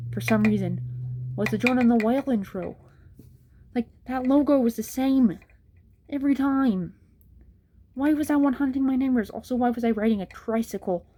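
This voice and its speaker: A woman's voice: medium pitch, warm tone. A young woman telling a rambling, self-interrupting storytime about childhood nightmares, with nervous laughs. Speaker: channel host.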